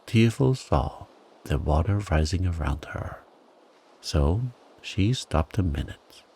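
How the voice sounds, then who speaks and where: In a low, grainy voice with some creak, a man tells a bedtime story calmly and gently. He lingers over each phrase, keeping the pace slow and soothing.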